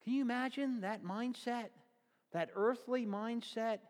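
A man's voice: extremely high pitch, measured pace, big-room sound. A male pastor preaching a sermon in a church, telling the story vividly and asking the congregation questions.

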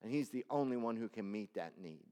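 A man preaching a sermon to a congregation, swinging between loud cries and hushed low tones. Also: lively intonation, a little fast, big-room sound.

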